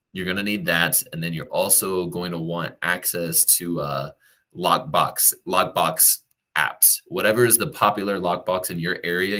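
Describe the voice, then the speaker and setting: A man's voice: deep voice, sharp tone. A man who works as a real estate agent, giving direct, coaching advice to the viewer in a casual vlog.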